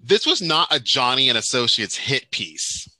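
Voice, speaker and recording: A man co-hosting a casual chat, emphatic, often repeating himself, sometimes dropping into quiet explanation. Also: medium pitch, very animated, moderate pace, no room sound. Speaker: podcast co-host.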